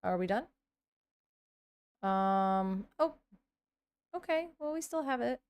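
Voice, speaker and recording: A woman in her thirties chatting casually on a live stream, reacting aloud as she scrolls and now and then breaking into excited squeals. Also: fairly high pitch, slow pace, clear, resonant tone.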